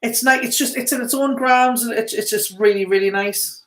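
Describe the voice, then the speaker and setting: Lively female co-host, a touch high-pitched, recorded with a roomy echo. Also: a little fast. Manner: lively storyteller, laughs often. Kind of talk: casual live chat, storytelling.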